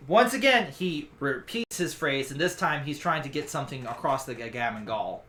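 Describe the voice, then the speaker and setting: A man's voice: medium pitch, animated, moderate pace, bright, forceful tone, a little hiss or hum. A man narrating scenes as the game master of a tabletop role-playing game, in a descriptive storytelling manner. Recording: echoey room.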